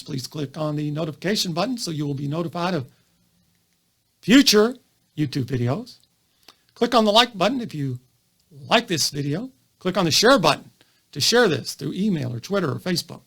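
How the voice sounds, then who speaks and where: Doctor guy lecturing on youtube, high lively voice, bit gravelly. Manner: animated, full of rhetorical questions. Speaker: physician lecturing on comedy. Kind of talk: educational video monologue.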